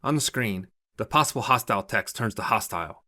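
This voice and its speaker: A man narrating a short story in a steady, even storytelling manner. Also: fairly low pitch, a little fast. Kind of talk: scripted narration.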